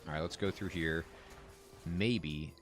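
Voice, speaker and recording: A game streamer gives casual, chatty commentary while playing a video game, reacting aloud to the action. His voice sits low and moves at a slow pace, with faint music behind him.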